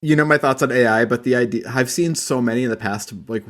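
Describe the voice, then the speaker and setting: A man's voice: mid-range voice, quick pace, background noise. A man chatting on a podcast, outspoken and heated, swearing freely. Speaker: podcast co-host. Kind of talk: casual chat.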